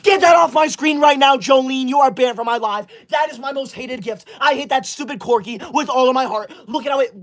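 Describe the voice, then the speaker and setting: A performer playing a self-righteous young livestreamer who loves school, scolding the chat with indignant, sudden shouted outbursts into a close mic. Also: sits high, fairly quick, few pauses, natural voice. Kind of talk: comedy sketch livestream.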